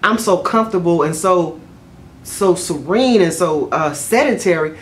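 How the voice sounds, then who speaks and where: A middle-aged woman, telling stories to camera in a chatty, expressive way and often saying "y'all.". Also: lowish voice, measured pace. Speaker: vlogger. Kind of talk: casual storytelling to camera.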